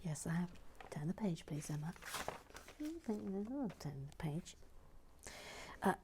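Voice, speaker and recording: A woman hosting a relaxed real-time LEGO build, murmuring to herself, often slipping into a whisper, and reading out viewer comments. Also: fairly low pitch, slow, background noise.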